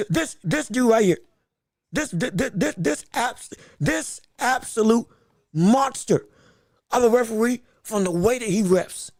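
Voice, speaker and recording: A man with a very high, gravelly voice hosts a casual livestream show. He talks excitably and rambles, repeating words. The sound is dry and close. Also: unhurried, dry recording. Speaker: boxing podcast host.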